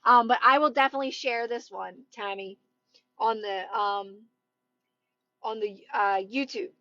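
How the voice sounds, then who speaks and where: A loud woman with a high voice gives emphatic, reassuring advice to her viewers in a casual live stream. The sound is dry and a little dull, like phone audio. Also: steady tone, a little slow, no room sound. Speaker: manifestation coach.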